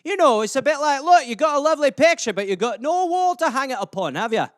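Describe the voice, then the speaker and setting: A man's voice: extremely high pitch, sing-song, quick pace, no room sound, clean studio sound, pitched above the performer's own voice. A man voicing a chatty Scottish man who rambles through made-up sayings, cheerfully insulting his listener. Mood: cheeky.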